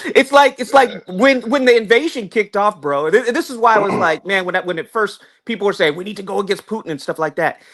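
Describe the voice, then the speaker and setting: A man's voice: animated, a little fast, hardly any pauses, a bit bright. A man in casual talk-show chat, rambling through long points with frequent restarts and repeated words. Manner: rambling, many restarts, swinging pitch when stressing points.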